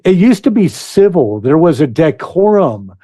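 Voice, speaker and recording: A man's voice: fairly high pitch, very animated, warm tone, dry recording, studio quality. An American man speaking as a guest musician in a casual interview, hesitant and full of fillers. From United States. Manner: slow, hesitant, many fillers.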